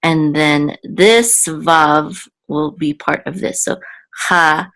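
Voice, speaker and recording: Slow, low-voiced woman teaching. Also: fairly even intonation, creaky, fairly bright tone, low-quality recording. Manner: halting, thinks aloud, frequent ums and self-corrections. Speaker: Hebrew teacher. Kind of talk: slow, patient word-by-word teaching.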